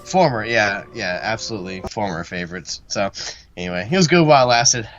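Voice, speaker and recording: A man co-hosting a casual podcast, laid-back and quick to laugh. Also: fairly low pitch, expressive, fairly bright tone, slight background noise. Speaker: podcast co-host. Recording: dull lo-fi sound.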